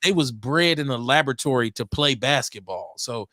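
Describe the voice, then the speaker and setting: A man on a casual sports talk show, animated and joking, often repeating himself. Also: mid-range voice, normal speed, no echo, clean studio sound.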